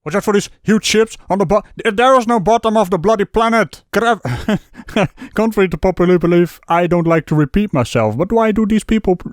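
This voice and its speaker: A man's voice: sits high, no room sound, studio quality. A man giving mocking, sarcastic commentary on a video, laughing at what he hears. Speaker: debunking commentator.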